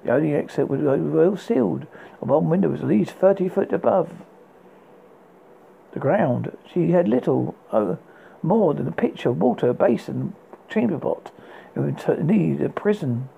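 A man's voice: on the high side, expressive, normal speed, creaky, warm tone, lo-fi sound, a little hiss or hum. A man reading a fairy tale aloud, unpolished, often stumbling and restarting words. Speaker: narrator. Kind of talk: storybook reading.

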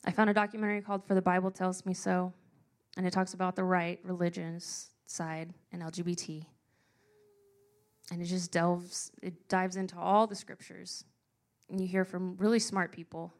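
A young woman telling a personal story to a live audience, earnest and emotional, slowing down for emphasis. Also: on the low side, little pitch movement. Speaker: speaker sharing a personal story.

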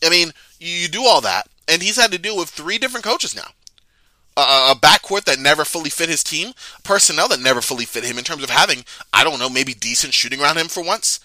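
A man's voice: a little high, quick pace, sharp tone, no room sound. A man hosting a casual sports talk show, chatting loosely with frequent restarts and reading passages aloud. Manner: chatty, stammers and restarts, reads quotes aloud. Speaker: sports podcast host.

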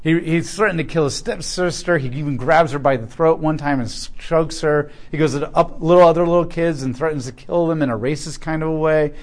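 A male preacher with a somewhat high voice delivers a sermon. He tells a story in a relaxed, chatty way and keeps asking his listeners questions. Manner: conversational storytelling, with asides to the congregation. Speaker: pastor.

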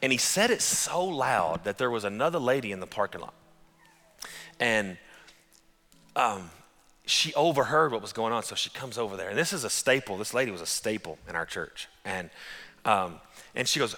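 A man preaching a sermon as pastor, telling stories in an animated, conversational way. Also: fairly low pitch, normal speed, in a large hall.

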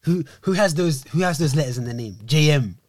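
A man's voice: fairly high pitch, lively intonation, darkish tone, dry recording. A man in a casual chat, teasing and cutting in. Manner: fast-talking, teasing, interrupts.

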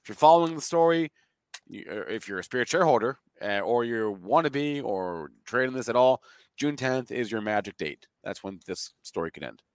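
A man's voice: medium pitch, lively intonation, fairly quick, smooth, dry recording. A man of thirty-one co-hosting a casual stock market show, explaining news plainly. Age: 30s. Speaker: co-host.

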